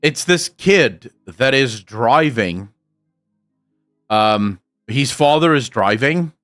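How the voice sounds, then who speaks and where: A South African man with an Afrikaans accent chats loosely on a live stream, swearing freely as he answers viewers' comments. His voice sits at an ordinary middle pitch. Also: lively intonation, slow, fairly bright tone, faint music behind. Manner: chatty and profane, replies to chat comments. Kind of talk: casual live-stream chat.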